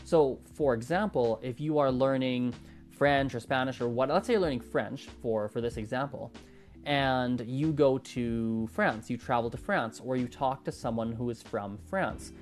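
Solo podcast host, male, mid-pitched, rambling and self-correcting, faint music under the voice. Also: moderate pace. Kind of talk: improvised solo podcast talk.

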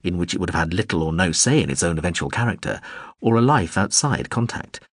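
Low, husky male audiobook narrator. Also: lively intonation, no room sound, studio quality. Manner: measured storytelling. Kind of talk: scripted narration.

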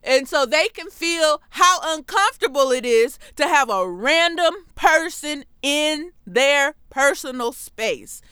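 A young woman hosting a comedy podcast solo, talking in an animated, sarcastic and playful way. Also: high-pitched, slow pace, few pauses, no room sound. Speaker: podcast host.

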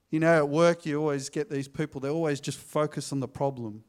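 Young man preaching, chatty and anecdotal, a touch higher pitched than most men. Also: steady tone, fairly quick, few pauses. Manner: conversational, asks the congregation for amens. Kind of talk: sermon with anecdotes. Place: church.

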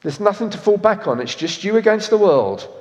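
A man in his fifties preaching a sermon, swinging from loud emphatic lines to soft, intimate ones. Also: high-pitched, sing-song, fairly quick, lo-fi sound. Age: 50s. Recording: echoey hall reverb.

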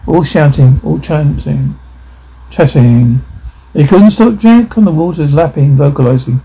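A man reading film dialogue and sound cues aloud in a jumbled, halting way. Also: on the high side, mellow, husky, poor audio.

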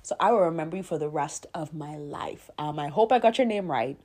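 A woman's voice: low voice, expressive, brisk. Earnest emotional woman podcast host. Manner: emotional, earnest, swings from loud to whispered. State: tearful. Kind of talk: faith podcast monologue.

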